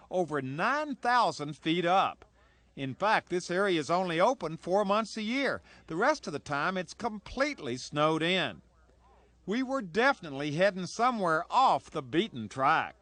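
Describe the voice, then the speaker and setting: A man's voice: sits high, sharp tone, no room sound. A man narrating a scripted travel voice-over with an upbeat storytelling manner.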